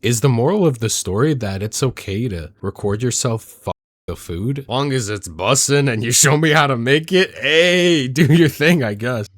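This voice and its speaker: A man's voice: mid-range voice, animated, normal speed, dry recording, studio quality. A man giving comedic reaction commentary on videos, joking and mock-outraged.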